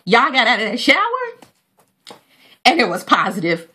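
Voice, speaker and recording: A woman's voice: mid-range voice, huge pitch swings, normal speed, long pauses, pushed and bright, breathy edge. A woman, telling a heartfelt personal story to her viewers with many fillers and praise for God. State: near tears. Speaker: vlogger.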